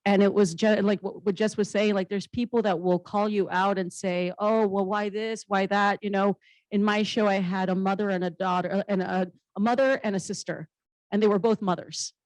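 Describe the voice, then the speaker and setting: A woman's voice: medium pitch, steady tone, brisk, a little mellow, no echo, rough recording. A woman comedian and actress on a panel, telling stories in a blunt, humorous, candid way and swearing casually. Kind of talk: candid conversational storytelling.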